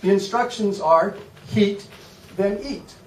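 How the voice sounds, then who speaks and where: Stand-up comic, American man, high voice, deadpan and self-mocking, roomy distant club recording. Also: takes it slowly. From United States. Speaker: stand-up comedian. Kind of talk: stand-up comedy set. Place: comedy club stage. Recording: echoey room from far off, loud noise.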